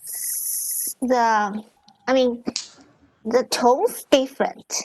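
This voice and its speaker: Woman student, breathy, slightly high, halting delivery. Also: steady tone, a little mellow, rough recording. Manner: hesitant, tentative answers. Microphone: video call.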